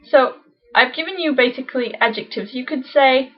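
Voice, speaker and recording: Woman, casual language teacher, chatty, slightly high pitch, muffled lo-fi sound. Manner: chatty, repeats example phrases slowly. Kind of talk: casual beginner lesson.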